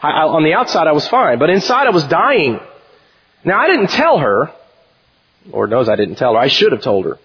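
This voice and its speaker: A male pastor preaching a sermon in an animated way and reading scripture aloud. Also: a little high, normal speed, long pauses, slightly rough, lo-fi sound.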